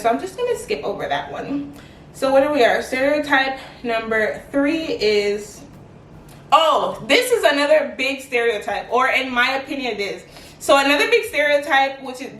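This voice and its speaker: A young adult woman chatting to camera in a casual vlog, animated and quick with "like" fillers. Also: high voice. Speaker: vlogger. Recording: echoey room, mic at a distance.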